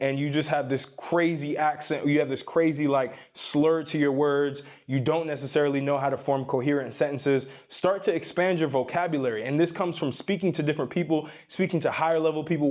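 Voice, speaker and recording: With a fairly high pitch and a darkish tone, a young dating and self-improvement creator gives an advice monologue directly to the camera he faces. He lectures the viewer emphatically, saying "you need to" again and again and varying his tone deliberately to drive points home.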